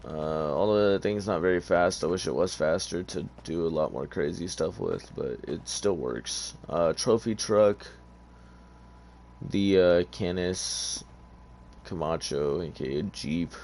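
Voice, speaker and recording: A deep-voiced gaming YouTuber with a darkish tone narrates a car game a little slowly, relaxed and rambling. He seems sleepy and just up, leaning on fillers, and there's a little hiss or hum.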